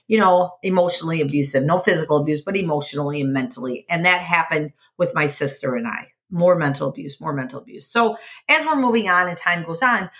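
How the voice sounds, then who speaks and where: A woman with a fairly low voice tells a personal story on her podcast. She speaks openly and confessionally, repeating words for emphasis. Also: fairly bright tone. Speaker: podcast host.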